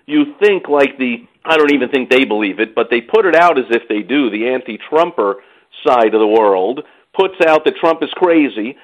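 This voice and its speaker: A man co-hosting a casual podcast, talking excitably and theatrically and slipping into quoted voices. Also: mid-range voice, moderate pace. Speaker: podcast co-host. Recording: muffled lo-fi audio.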